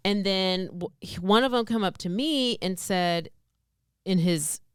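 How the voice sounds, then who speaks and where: Woman, podcast co-host, casual storytelling, smooth clear voice, dry close mic. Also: mid-range voice, unhurried, no echo. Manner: chatty storyteller, acts out quoted lines. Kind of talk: casual true-crime podcast chat.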